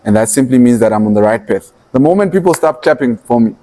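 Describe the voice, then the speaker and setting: A man talks through his story as a podcast guest, his voice mellow and warm. He tells it with animation, slipping into quoted lines of what he once thought or said. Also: medium pitch, expressive, fast. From Namibia. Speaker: entrepreneur and activist guest.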